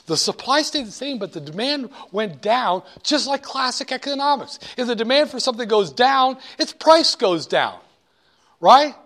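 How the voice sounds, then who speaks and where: High-voiced, joking finance lecturer. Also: male voice, a bit bright. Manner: joking, digressive, emphatic. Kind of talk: classroom lecture.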